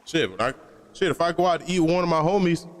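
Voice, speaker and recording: A man's voice: a little high, animated, fast talker, in a large hall. A man streaming and chatting casually, blunt and opinionated, rambling with slang and profanity.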